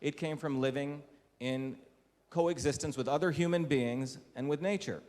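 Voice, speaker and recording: The recording, made in an echoey lecture hall, captures an Indian man's slightly high, darkish voice at a moderate pace. As an invited lecturer addressing a live audience, he speaks emphatically and often puts rhetorical questions to the room.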